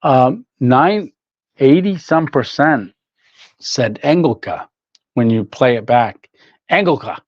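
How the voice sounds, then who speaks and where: Older man, livestream host, slow rambling talk, dry dull lo-fi sound. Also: medium pitch, lively intonation, no room sound. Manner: rambling storyteller, reads chat aloud, laughs often. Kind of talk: casual livestream chat.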